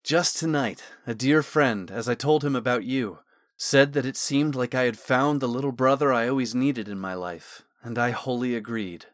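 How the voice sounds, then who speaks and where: A man reading the lines of an earnest, gentle young man in an audiobook, sincere and softly spoken. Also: mid-range voice, moderate pace, no room sound, clean studio sound, close to an everyday voice. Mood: heartfelt.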